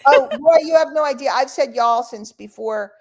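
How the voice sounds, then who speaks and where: A woman's voice: sits high, normal speed. A woman from New York hosting an online call in casual, rambling chat. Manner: chatty, rambling, playful.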